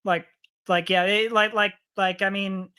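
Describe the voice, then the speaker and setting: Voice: medium pitch, little pitch movement, unhurried, pushed and bright, clean tone. A speaker in a casual debate who stammers and keeps repeating "like".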